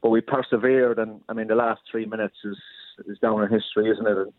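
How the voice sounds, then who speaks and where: A former footballer, a man, recalling a big match in an even tone. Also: on the low side, dry recording. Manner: fast, flat recollection. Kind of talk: reflective interview. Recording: dry phone-line audio.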